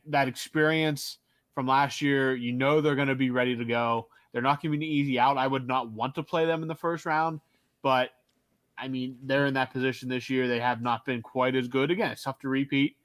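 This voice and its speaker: A man co-hosting a sports podcast, chatting casually about hockey in a relaxed, rambling way. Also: mid-range voice, normal speed, dry recording. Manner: relaxed, rambling with fillers and restarts. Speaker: podcast co-host. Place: Pittsburgh area.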